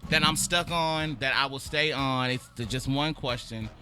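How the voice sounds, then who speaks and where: Over soft background music, this Atlanta man speaks at a moderate pace in a mid-range, sharp voice. He's a talk-show host whose heated, casual rant keeps circling back to the same phrases, slipping into a Southern drawl and cursing whenever frustration builds.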